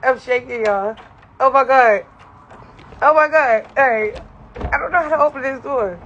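A woman's voice: high-pitched, unhurried, fairly bright tone, lo-fi sound, a little hiss or hum. A young woman on a phone livestream, giddy and overwhelmed, laughing and exclaiming as she talks. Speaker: livestreamer touring her new home. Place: new house, indoors and out.

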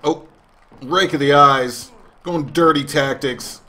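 A man's voice: fairly high pitch, takes it slowly, bright, forceful tone. A man commentating a wrestling video game as a let's play host, joking in a mock announcer way. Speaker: gaming channel host.

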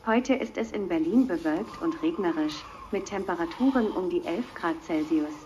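A courteous humanoid robot speaks in a measured, even manner, voiced by a synthetic woman's voice. The tone is dark and mellow, sitting a little low. The sound is dull and muffled, with a faint hiss underneath. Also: natural voice. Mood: polite. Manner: polite, measured, even delivery. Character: humanoid robot, polite multilingual machine.

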